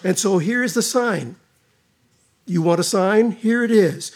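A man preaching a sermon, speaking emphatically with dramatic pauses and repeated phrases. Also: high voice. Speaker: pastor.

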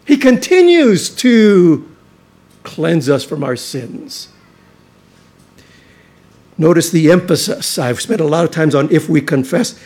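A male pastor with a highish voice preaches slowly and very animatedly, pausing often. His sermon is earnest and emphatic, full of restarts and passages spoken in a hushed, intense tone.

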